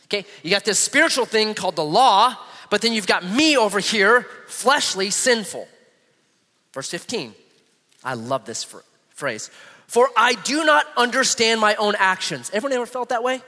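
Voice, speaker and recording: A man preaching a sermon as pastor, animated, reading scripture aloud slowly. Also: sits high. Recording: long hall reverb.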